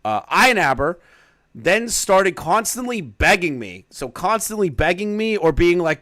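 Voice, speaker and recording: A man's voice: sits high, very animated, measured pace, bright, forceful tone. A man reading aloud from a document and commenting on it in a casual, profane, sarcastic way. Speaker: drama commentary YouTuber.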